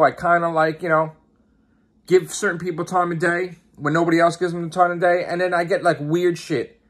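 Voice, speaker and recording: A man's voice: a little high, fairly bright tone. A man who hosts a YouTube channel and podcast, giving an exasperated, profane rant and repeating his questions. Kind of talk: angry ranting vlog.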